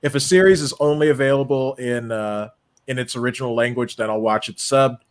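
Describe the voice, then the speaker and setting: A man in his twenties chats casually as host of a watch party. He reads viewer comments out loud between his own remarks and laughs easily. His voice sits at an ordinary middle pitch. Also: brisk. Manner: laughs often, reads chat messages aloud. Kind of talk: casual chat.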